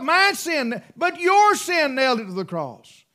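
Fervent preacher man, high and lively. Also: unhurried, hardly any pauses. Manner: fervent, swinging between loud bursts and hushed asides. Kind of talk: sermon.

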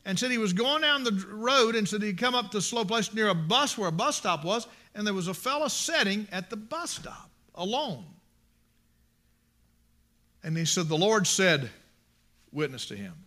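A man's voice: high-pitched, animated, moderate pace, sharp tone. A man preaching a sermon, impassioned and emphatic, repeating his phrases for emphasis.

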